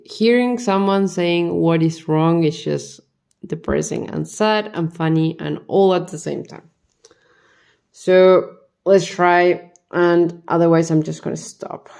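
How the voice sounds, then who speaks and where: A woman's voice: fairly low pitch, takes it slowly, gravelly, a little mellow, smooth. A tired woman vlogger talking to herself as she builds a model kit, muttering the same questions over and over. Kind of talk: casual talk while building.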